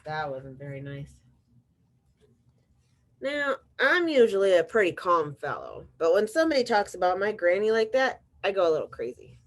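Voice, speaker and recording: A woman's voice: lowish voice, big pitch swings, normal speed. A sneezy male wolf from a storybook, sly and full of excuses, read out by a woman. He tells his tale with wry asides and a put-upon air.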